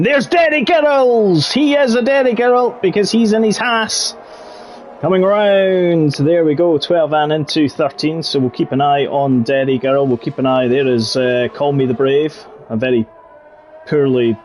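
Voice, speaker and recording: A man commentating live on an online racing league, jokey and rambling, full of fillers and nicknames. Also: a little high. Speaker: lead commentator. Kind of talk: live esports race commentary.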